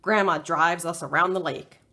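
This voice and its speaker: A woman librarian reading a chapter book aloud for children, slowly and expressively. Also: lowish voice. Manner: slow, very expressive. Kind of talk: read-aloud storytime.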